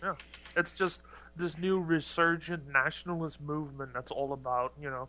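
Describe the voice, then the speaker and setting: A man chatting casually with friends, full of jokes and confident opinions. His voice sits a little high and sounds bright. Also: fairly even intonation, normal speed, a little hiss or hum, rough recording. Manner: joking, opinionated. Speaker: tabletop group player. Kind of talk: casual chat.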